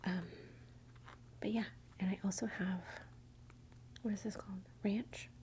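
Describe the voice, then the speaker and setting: A woman's voice: mid-range voice, fairly even intonation, a little slow, darkish tone, a little hiss or hum. A woman from Texas with a Texan accent, whispering close to the mic as she hosts rambling, self-interrupting ASMR commentary. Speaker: ASMR channel host.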